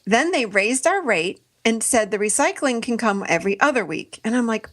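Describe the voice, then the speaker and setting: A middle-aged woman podcast host tells a personal story in a loose, chatty way. Her voice sits a little high, and she often breaks into laughter. She acts out what she said back then. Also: moderate pace, few pauses. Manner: animated, laughs often, acts out her own past lines. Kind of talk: casual conversational storytelling.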